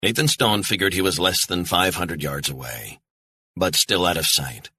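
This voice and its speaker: Low, husky male audiobook narrator. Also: bright, forceful tone, dry recording. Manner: tense, measured storytelling. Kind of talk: scripted thriller narration.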